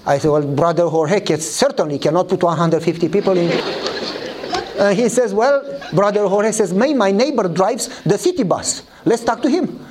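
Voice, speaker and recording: Animated high-voiced male preacher. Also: moderate pace. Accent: Eastern European. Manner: animated storytelling, acts out dialogue in a higher voice. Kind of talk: sermon with acted-out story.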